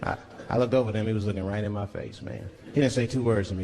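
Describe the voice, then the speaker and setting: This American comedian's voice sits fairly low, with fairly even intonation and a rapid-fire delivery. He tells loose stories with punchy, profane asides on stage as the audience laughs, in a noisy live recording.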